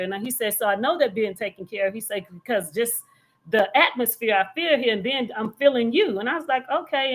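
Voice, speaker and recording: A woman, a minister, telling a story in an earnest, detailed way during a casual live church discussion. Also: fairly high pitch. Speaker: minister and co-host.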